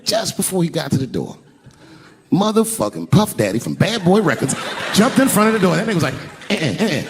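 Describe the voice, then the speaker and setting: An older man telling a profane, animated stand-up story on an arena stage, acting out voices as the crowd laughs. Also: sits high, fairly quick, creaky. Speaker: stand-up comedian. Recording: live arena recording with crowd noise. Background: crowd laughing and cheering.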